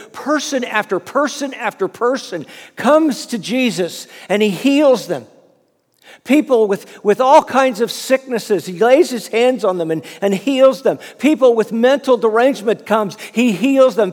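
High-voiced preacher in a reverberant hall. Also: male voice. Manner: animated storytelling, repeats words. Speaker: preacher, fundraising minister. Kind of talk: sermon.

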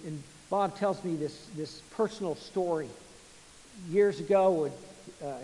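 High-voiced pastor in a reverberant hall. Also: male voice, a little hiss or hum. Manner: retells a story with frequent repeats and restarts; swings from quiet to loud. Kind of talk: sermon storytelling.

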